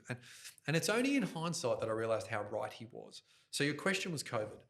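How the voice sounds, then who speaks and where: A middle-aged man, an event host telling his story as a guest in an animated podcast interview. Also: medium pitch, gravelly. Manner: energetic, fast, jokey, talks with his hands toward the mic. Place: podcast studio. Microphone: directional studio microphone.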